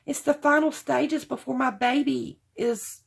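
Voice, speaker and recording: A woman's voice: high-pitched, steady tone, a little slow, vocal fry, breathy edge. A woman, chatting casually to camera about craft supplies she bought, rambling and calling her viewers y'all. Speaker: craft haul vlogger.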